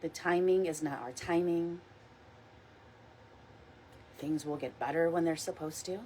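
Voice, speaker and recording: A woman leading a guided meditation, speaking softly and slowly and repeating calm mantras. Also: deep voice, slight background noise, low-quality recording. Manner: soft, slow, reassuring, repeats mantras. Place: outdoors or near a window in wind.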